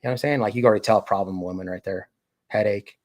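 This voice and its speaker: This man's voice sits fairly low and has a darkish tone, and he races along. Talking to chat on his casual live stream, he rambles, fills gaps with fillers, and performs the quotes in character.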